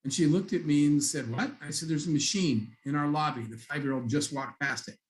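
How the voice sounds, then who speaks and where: A man's voice: a little high, fairly quick, rough recording. A middle-aged man giving a keynote talk, telling a story and acting out the dialogue. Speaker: keynote speaker. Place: conference stage.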